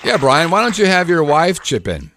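A man's voice: a little high, sing-song, normal speed, fairly bright tone, some chatter behind. A middle-aged married man co-hosting a podcast, joking and teasing in casual banter. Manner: joking, teasing, does silly voices. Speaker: podcast co-host.

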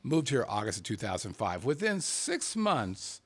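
A man hosting a loose, comedic podcast, trading jokes with his co-host. His pitch swings widely as he talks, and he laughs often. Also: wildly swooping pitch, a little slow, husky. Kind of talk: casual comedic podcast banter. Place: Las Vegas.

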